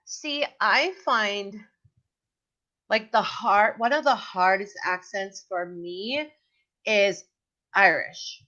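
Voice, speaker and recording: A woman hosts a stream in an easy, chatty way and laughs between her thoughts. Her pitch sits in the middle, and the audio comes through muffled and dull. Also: slow, pauses often, bright, forceful tone. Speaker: livestream host. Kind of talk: casual chat.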